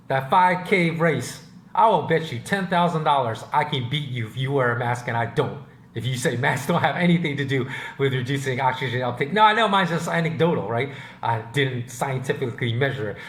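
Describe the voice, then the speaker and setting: Podcast host, man, mid-pitched, rambling and opinionated, echoey room. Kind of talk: casual monologue. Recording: roomy echo.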